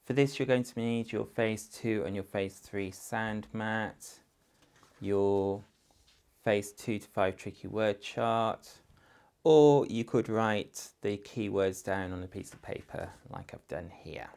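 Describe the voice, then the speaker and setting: A male primary school teacher guides parents in a low, gravelly, creaky voice with a darkish tone. He speaks slowly and patiently, sounding out letters and words one at a time and demonstrating sentences and sounds in different voices.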